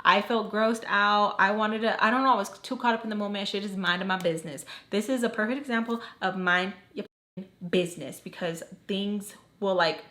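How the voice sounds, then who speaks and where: A woman's voice: mid-range voice, brisk, pushed and bright. A young woman tells a personal story on her vlog while doing her makeup. She talks in a loose, chatty way and leans on "like" constantly. She slips into the voices of the people in the story. Her voice sits in an ordinary middle range. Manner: chatty, heavy use of "like", acts out quoted lines. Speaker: storytime vlogger.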